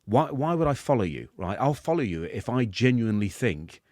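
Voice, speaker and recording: A man's voice: mid-range voice, big pitch swings, a little fast, a little mellow, no echo, clean studio sound. A middle-aged man from England, a guest telling a story in a conversational way and repeating words as he thinks aloud. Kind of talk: reflective storytelling.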